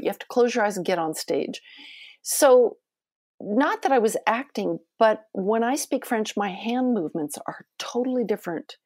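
A woman cookbook author and cooking teacher, talking in an expressive, enthusiastic way in a podcast interview. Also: medium pitch, no room sound, clean studio sound. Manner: chatty, expressive, enthusiastic storytelling.

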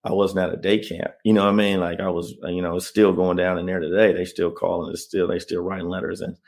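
Interview guest: a deep, gravelly man recounting his story earnestly. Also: flat delivery, quick pace, a little mellow. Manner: earnest, keeps asking "you know what I mean?". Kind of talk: emotional personal storytelling.

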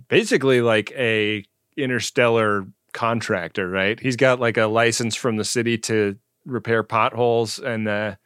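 A man's voice: on the low side, a bit bright, clear, resonant tone, dry recording, clean studio sound. A man co-hosting a podcast, retelling a TV episode in laid-back comedic chat, full of fillers and easy laughs. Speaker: podcast co-host. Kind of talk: casual comedic recap chat.

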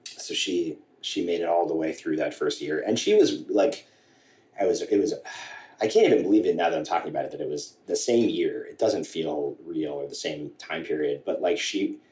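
A man guest telling a personal story in a halting way, with many restarts and quoted dialogue. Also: deep voice, a little mellow. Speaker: podcast guest. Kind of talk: candid storytelling conversation. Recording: echoey room, voice from a distance.

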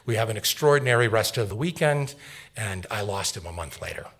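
A middle-aged man telling a personal story live on stage, animated and acting out the voices of family members. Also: lowish voice, fairly quick, breathy edge.

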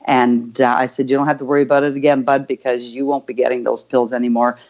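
A woman's voice: rumbling low, flat delivery, fast talker, darkish tone. An older grandmother from Canada, telling a heartfelt personal story as an interview guest, rambling with many fillers. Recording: dull lo-fi audio.

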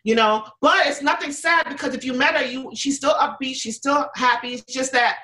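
Bright-voiced chatty woman telling her story. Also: high-pitched, moderate pace, poor audio. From United States. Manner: chatty, many fillers and restarts, acts out quotes. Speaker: interview guest, pizza business owner. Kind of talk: casual interview storytelling.

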